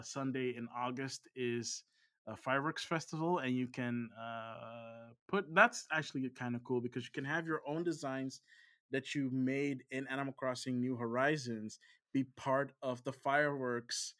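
A man's voice: medium pitch, a bit bright. A man co-hosting a casual gaming podcast, talking in a rambling way with frequent ums and restarts. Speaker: podcast co-host.

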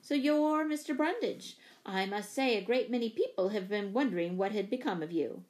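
A woman voicing a brisk, practical mother who fusses and takes charge in a storybook reading. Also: mid-range voice, expressive, a little mellow, lightly acted. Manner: brisk and fussing.

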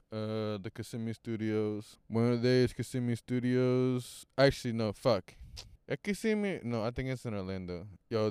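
A man's voice: lowish voice, darkish tone, clean tone, dry recording, studio quality. Profane young man ranting while driving. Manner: profane, ranting, switching between English and Spanish. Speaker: podcast host. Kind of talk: casual vlog while driving. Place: inside a car on the highway.

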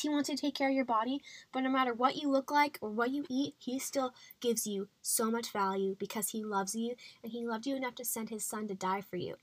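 Speaking with a fairly high voice and no echo, a young adult woman hosts her faith-based health podcast. Her monologue is chatty and encouraging, with lots of fillers.

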